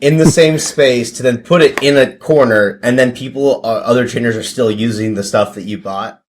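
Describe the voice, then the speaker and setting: A man hosting a casual interview. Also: mid-range voice. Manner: encouraging, quick interjections. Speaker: podcast host.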